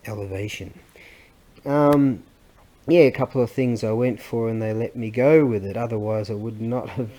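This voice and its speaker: A man's voice: medium pitch, a little mellow. A middle-aged man, chatting casually and rambling in a vlog, often losing his thread and laughing. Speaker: vlogger and antiques seller.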